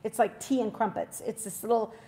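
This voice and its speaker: A woman in her forties hosting a faith talk show, telling a story in a chatty, casual devotional style with quick asides. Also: a little high, fairly even intonation, mellow.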